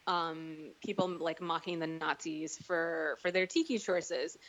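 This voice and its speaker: A woman's voice: low-pitched, measured pace, fairly bright tone, lo-fi sound. A woman co-hosting a podcast in casual chat, blunt and teasing, with emphatic points. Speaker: podcast co-host.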